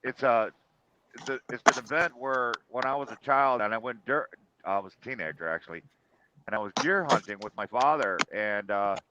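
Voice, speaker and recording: A man's voice: mid-range voice, normal speed, lo-fi sound, heavy background noise. A man casually telling a personal story in a chat, rambling with fillers and restarts.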